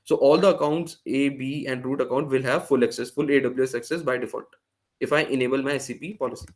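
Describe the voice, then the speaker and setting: A man's voice: medium pitch, fairly even intonation, fast. A man presenting a live online workshop, explaining step by step with frequent fillers and restarts over a video call. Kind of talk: live screen-share tech demo.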